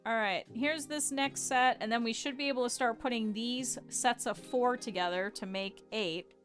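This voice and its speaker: A woman's voice: on the high side, normal speed, faint music behind. Chatty woman streamer, light voice. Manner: chatty, laughing asides, reacting to chat. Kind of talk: casual livestream chat while sewing.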